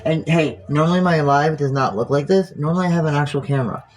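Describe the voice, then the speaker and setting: A man's voice: on the high side, quick pace, a little hiss or hum, rough recording. A man talking casually on a phone livestream, musing aloud, rambling and swearing freely.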